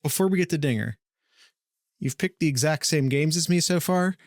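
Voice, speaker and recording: On a casual sports picks podcast, a male co-host with a fairly high voice jokes around and teases his partner while rattling off betting statistics. He speaks at a moderate pace in a studio-quality recording with no room sound.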